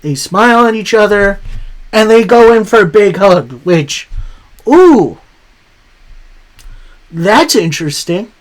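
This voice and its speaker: Slow-talking man recapping wrestling. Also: sits high, animated. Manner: conversational, retells promos in his own words; reacts openly with surprise. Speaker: wrestling show recap host. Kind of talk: casual weekly recap.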